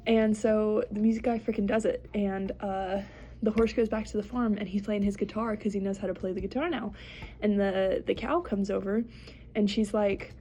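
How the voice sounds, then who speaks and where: A woman's voice: mid-range voice, steady tone, normal speed, warm tone, slight background noise. A young woman, a podcast co-host, telling a long rambling joke with lots of fillers and acting out the characters' lines in her own voice.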